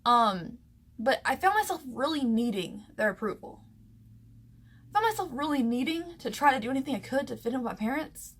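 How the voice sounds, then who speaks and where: A young woman from the American South telling a personal story to camera, emotional and halting, close to tears, with many fillers and restarts. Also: high-pitched, big pitch swings, slightly rough. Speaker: vlogger.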